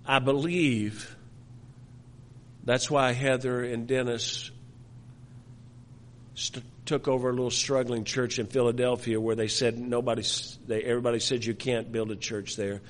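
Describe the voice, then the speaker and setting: A man's voice: medium pitch, little pitch movement, unhurried, pauses often, slight background noise. An older man preaching, telling a personal story with many restarts and repeated words. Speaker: pastor. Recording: long hall reverb.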